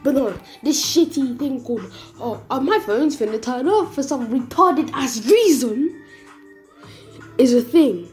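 A woman casually tells her own fan story, rambling and swearing, and keeps breaking off to restart her sentences. Her voice is high-pitched, animated and unhurried, with a darkish tone, and faint music plays beneath it.

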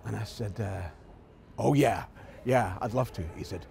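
A man's voice: lowish voice, measured pace, creaky, a little hiss or hum. A Scottish man with a Glasgow accent, an actor guest telling anecdotes in an interview and acting out the voices of the people in them. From Scotland. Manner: animated storyteller acting out quoted lines.

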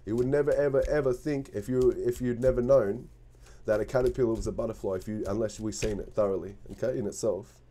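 A male tarot reader gives a casual spoken reading, earnest and encouraging, often repeating himself and restarting phrases. He talks fast in a warm, medium-pitched voice.

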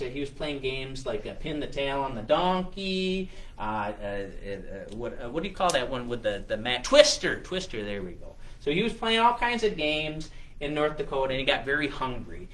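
A man's voice: fairly high pitch, a bit bright. A man hosting a children's show, making up a story on the spot with lots of fillers and playful restarts. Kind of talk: improvised storytelling for kids.

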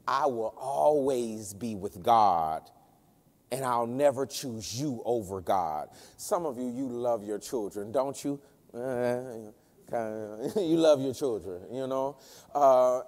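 A man preaching a sermon as guest minister, swinging between loud emphasis and hushed tones and repeating phrases. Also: mid-range voice, big-room sound. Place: church sanctuary.

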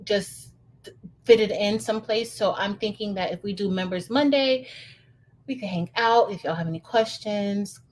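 A woman's voice: medium pitch, moderate pace, a little mellow. A woman hosting a casual crafting livestream on her phone, chatting and greeting viewers.

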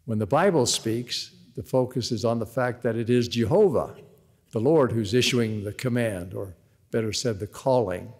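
Man at a lectern, mid-pitched, measured and earnest devotional sermon, long reverb from a big arena. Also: a little mellow, breathy edge. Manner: measured, earnest, reads scripture aloud. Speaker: devotional speaker. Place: large university arena.

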